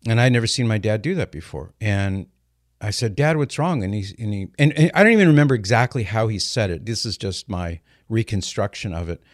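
Lively man hosting call-in radio. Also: fairly low pitch, brisk, no room sound, studio quality. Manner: lively storyteller, explains step by step. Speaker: radio host answering callers.

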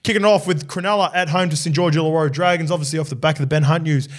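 A man's voice: a little high, fairly even intonation, rapid-fire. An Australian man co-hosting a sports podcast, easygoing, telling stories and reading team news. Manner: easygoing, laughs often, tells stories. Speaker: podcast co-host. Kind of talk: casual sports chat and match preview.

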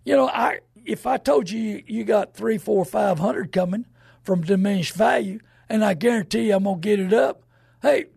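A man hosts a radio talk show, rambling and emphatic as he acts out the people in his stories. His voice sits high for a man, with a gravelly, husky edge, and the recording is close and dry. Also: normal speed, a little mellow, no room sound. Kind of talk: folksy radio talk monologue.

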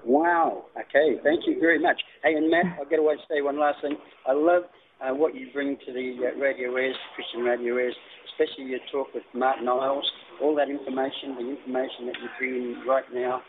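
Aussie guy calling into radio, rambly with lots of ums, mid pitch, thin phone sound. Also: flat delivery, brisk, noisy background. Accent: Australian. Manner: rambling, many ums and restarts. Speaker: caller to a radio show. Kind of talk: casual phone call. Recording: tinny phone line.

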